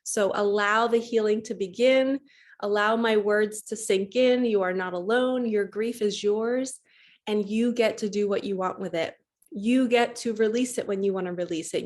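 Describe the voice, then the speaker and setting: Soft-spoken lady reading her book then chatting, gentle and encouraging, a bit emotional. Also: a little high. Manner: soft, gentle and encouraging, calls listeners lovies. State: a little emotional. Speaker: host and grief coach.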